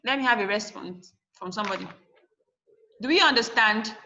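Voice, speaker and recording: A woman's voice: medium pitch, normal speed, sharp tone, slight background noise. A woman teacher giving a classroom English lesson, spelling out word endings letter by letter and repeating each example word. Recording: dull lo-fi classroom recording.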